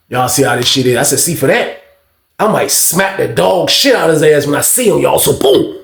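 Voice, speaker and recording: A man telling a prison story in casual talk, acting out other people's lines with shouts and slang. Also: on the high side, takes it slowly, vocal fry, pauses often, reverberant. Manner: animated, acts out shouted quotes in a raised voice; heavy profanity and slang.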